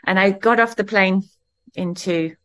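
A middle-aged woman preaching a sermon, telling a personal story in a warm, conversational way and laughing now and then. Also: medium pitch, unhurried.

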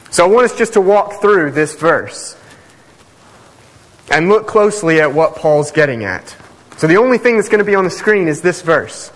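A male preacher giving a sermon, emphatic, speeding through asides and slowing hard on key phrases. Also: fairly high pitch, a bit bright. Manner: emphatic, swings between fast asides and slow stressed phrases. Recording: echoey hall.

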